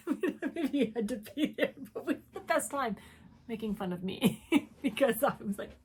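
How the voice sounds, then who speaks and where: A middle-aged woman from Wyoming, USA, co-hosts a casual stitching chat show, her voice on the high side at normal speed with slight background noise. She is an animated storyteller, giggling in bursts between tales.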